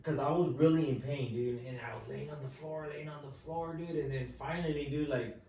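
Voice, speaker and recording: A man hosting a podcast, telling a story in relaxed casual chat, swearing and saying "dude" over and over. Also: fairly high pitch, a little fast. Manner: relaxed, profane, says "dude" constantly. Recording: echoey room, distant mic, faint noise.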